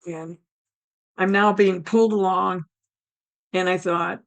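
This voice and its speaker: A woman with a hoarse, damaged throat telling her near-death story, acting out her own thoughts as she goes. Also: fairly low pitch, steady tone, slow, long pauses. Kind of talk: personal storytelling.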